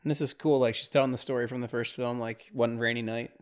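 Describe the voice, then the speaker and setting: A man's voice: medium pitch, level tone, fast, clear, resonant tone. A man hosting a podcast, giving casual watch-along commentary on a movie in a rambling, reactive way with sudden exasperated outbursts. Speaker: podcast host.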